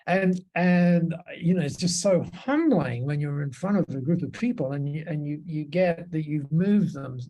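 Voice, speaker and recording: A man, a podcast guest, telling long anecdotes in an interview, with many restarts and quick laughs. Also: on the high side, warm tone.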